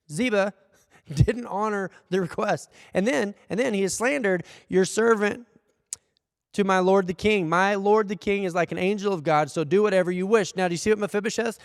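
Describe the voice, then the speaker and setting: A man preaching a sermon as pastor, animated, acting out the people he quotes. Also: high voice, no room sound, clean studio sound, long reverb tail. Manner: animated, acts out quoted voices. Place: church hall.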